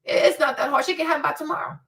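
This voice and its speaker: Casting: outspoken woman livestream host, cussing, animated, high-pitched. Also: rapid-fire, distant mic. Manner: blunt, profane, animated ranting. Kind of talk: livestream commentary.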